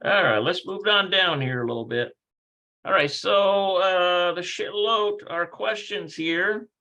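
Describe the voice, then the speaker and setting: A man running a relaxed livestreamed language class from his computer. His voice is bright and sits a little high. He rambles, works things out aloud and corrects himself mid-sentence. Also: a little slow, lo-fi sound. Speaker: Hebrew teacher. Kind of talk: casual livestreamed language lesson.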